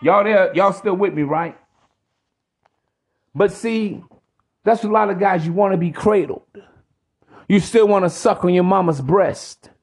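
Gravelly preachy male podcast ranter. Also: sits high, unhurried, pauses often. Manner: preachy, profane, repetitive. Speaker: podcast host. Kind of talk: ranting podcast monologue.

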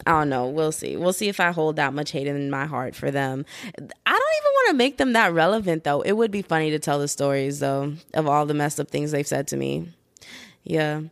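A young adult woman hosts a casual solo podcast, recorded at home under a blanket. Her low, creaky voice moves briskly with lively intonation as she rambles, laughs at herself, and scatters "like" and "y'all" throughout. The sound is dry and studio quality.

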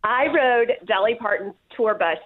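A woman's voice: fairly high pitch, animated, moderate pace, background noise. A woman calling in to a radio show, telling a story in a matter-of-fact way. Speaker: caller. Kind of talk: phone-in storytelling. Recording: tinny phone line.

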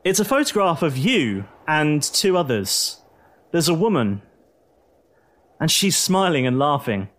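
A man with a fairly high voice narrates as game master of a tabletop game. He speaks slowly and with lively, rising and falling pitch, and soft music plays under him. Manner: descriptive, repeats words for effect. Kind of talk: slow dramatic game narration.

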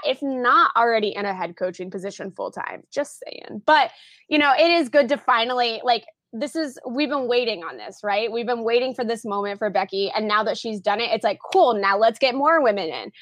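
A woman's voice: on the high side, fairly bright tone, no echo, clean studio sound. A young adult woman from Oklahoma, a podcast guest chatting casually with lots of fillers and restarts. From Tulsa, Oklahoma area, US. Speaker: podcast guest, film critic.

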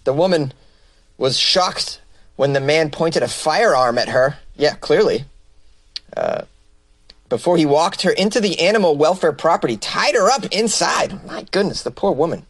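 A man's voice: on the high side, expressive, normal speed, dry recording. A man hosting a comedy news podcast, reading odd stories and riffing on them with sarcastic asides.

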